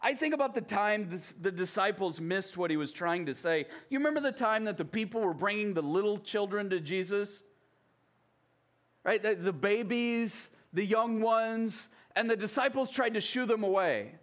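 A man's voice: high-pitched, animated, moderate pace, fairly bright tone. A man from the American South preaching a sermon in a conversational way, often checking in with his listeners. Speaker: pastor.

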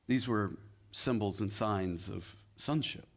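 A male pastor preaching a sermon, retelling a story with rhetorical questions and dramatic pauses. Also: on the high side, animated, fairly bright tone.

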